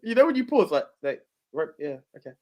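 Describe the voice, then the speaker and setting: A man's voice: a little high, big pitch swings, a little fast, darkish tone. A man co-hosting a podcast in casual chat, telling stories animatedly with many restarts. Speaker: podcast co-host.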